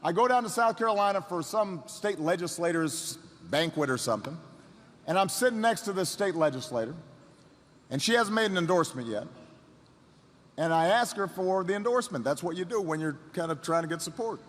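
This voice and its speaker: A middle-aged man giving a storytelling speech as a political speaker. He starts over and repeats himself, then builds up to shouted rallying lines. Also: high voice, animated, fairly quick, in a large hall.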